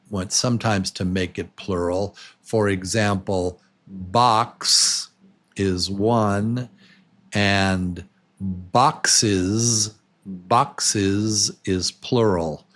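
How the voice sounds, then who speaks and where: Slow, low-voiced male English teacher. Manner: repeats each word several times, slow and deliberate; patient and encouraging. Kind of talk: slow beginner pronunciation lesson.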